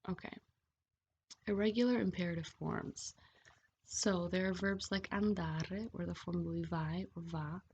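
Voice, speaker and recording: Teaching Italian grammar over slides, a woman speaks patiently in a somewhat low, slightly mellow voice with fairly even intonation and a measured pace. She checks in often with "okay?", and the voice-over sounds dull and lo-fi with a faint hiss.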